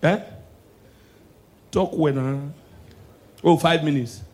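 A man with a Nigerian accent works a stand-up set in a high-pitched voice. He slides between Pidgin and English and lets his voice sink into quiet asides. Then he bursts out loud for the punchlines. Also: slow. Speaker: stand-up comedian. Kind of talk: stand-up comedy.

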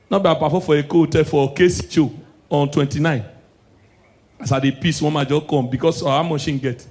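High-voiced Nigerian man doing stand-up. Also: fairly quick. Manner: animated, swings between hushed asides and shouted punchlines. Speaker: stand-up comedian. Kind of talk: stand-up comedy performance.

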